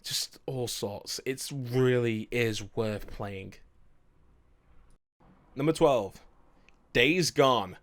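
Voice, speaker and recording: A man's voice: mid-range voice, drawn-out words, pauses often. Young man, rambling casual chat, self-correcting, swears. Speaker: video game streamer. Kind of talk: casual chat, ranking favourite games.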